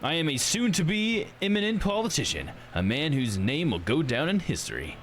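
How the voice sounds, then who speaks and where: Casting: man playing a condescending politician in a game, grand and showy, swinging pitch. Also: very animated, moderate pace, a bit bright, slight background noise. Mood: pompous. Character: pompous adult male politician, self-important. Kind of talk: reading game dialogue on a livestream.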